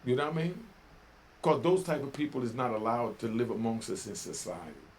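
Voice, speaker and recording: A man's voice: medium pitch, a little fast, a little hiss or hum. An older man from New York giving casual commentary, talking in preachy street slang and often asking "you know what I mean?". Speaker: vlogger.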